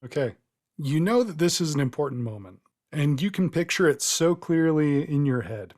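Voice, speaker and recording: A game master narrating a tabletop game with relaxed, descriptive storytelling and hesitant fillers. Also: mid-range voice, normal speed.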